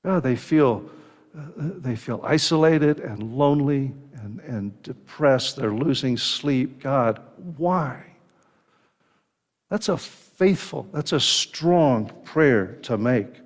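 Man, pastor preaching, slow deliberate delivery, earnest, repeats and restarts words, reverberant church hall. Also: medium pitch. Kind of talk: sermon.

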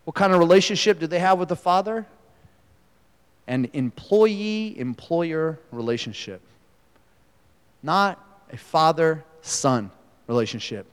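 A man's voice: on the high side, animated, takes it slowly, pauses often, smooth. A man preaching a sermon in a casual, conversational way, telling the story with animation. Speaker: pastor. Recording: echoey hall, long reverb.

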